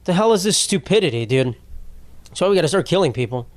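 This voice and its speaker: A man's voice: fairly high pitch, animated, quick pace, dry recording. A young man hosting a podcast, delivering a rambling, profane comedic monologue that keeps cutting itself off mid-thought. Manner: profane, rambling, self-interrupting. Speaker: podcast host.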